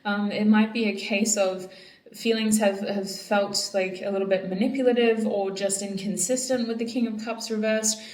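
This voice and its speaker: A woman's voice: mid-range voice, fairly even intonation, moderate pace, a little mellow. A woman giving a casual tarot reading, chatting affectionately and directly to her viewers. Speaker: tarot reader. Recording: echoey room, voice from a distance.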